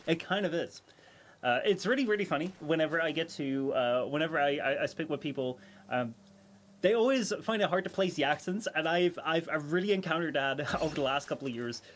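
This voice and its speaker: A man's voice: on the high side, animated, fairly quick, fairly bright tone, a little hiss or hum. A man from the Netherlands with a Dutch accent that leans American, native Dutch speaker, chatting casually with viewers while streaming a game, rambling with lots of fillers and restarts. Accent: Dutch, with an American lean.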